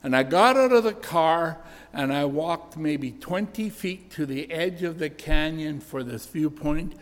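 A man's voice: on the high side, lively intonation, unhurried. An older man preaching a sermon, telling personal stories in an earnest, storytelling way. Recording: echoey church hall reverb.

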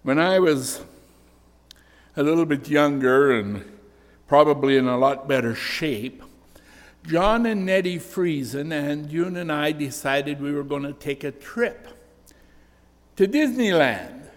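A man's voice: fairly high pitch, expressive, slow pace, long pauses. An older man preaching a sermon, telling personal stories in an earnest, storytelling way. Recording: echoey church hall reverb.

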